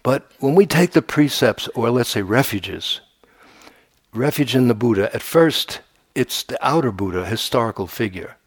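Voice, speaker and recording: Male meditation teacher, casual and wry, often restarting; mid-pitched, dry close sound. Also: animated, moderate pace, no echo. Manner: conversational, humorous, with frequent restarts. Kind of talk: dharma talk. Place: meditation retreat center.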